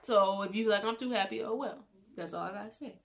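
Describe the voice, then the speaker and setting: A teenage girl telling a personal story in a chatty vlog, animated as she quotes the people involved. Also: medium pitch, brisk, gravelly. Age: teens. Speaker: vlogger.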